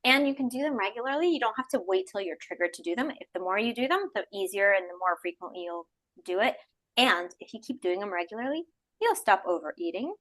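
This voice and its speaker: A woman talking as a podcast guest in a casual interview, animated and fond of acting out people's inner voices. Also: mid-range voice, fast.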